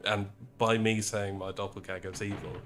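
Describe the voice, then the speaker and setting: A man's voice: on the low side, flat delivery, moderate pace, a bit bright, soft background music. A man co-hosting a livestream, making dry, joking asides in casual chat. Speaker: livestream co-host.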